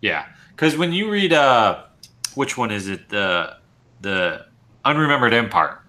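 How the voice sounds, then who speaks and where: A man co-hosting a wargaming podcast, talking excitedly with many likes. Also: mid-range voice, unhurried. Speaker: podcast co-host. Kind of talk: casual chat.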